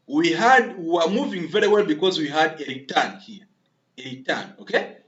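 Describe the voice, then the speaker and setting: A man's voice: on the high side, lively intonation, normal speed, fairly bright tone, reverberant, muffled recording. A man giving a screen-recorded coding tutorial, thinking aloud, repeating himself and often checking in with a questioning "okay?" while he addresses viewers as members.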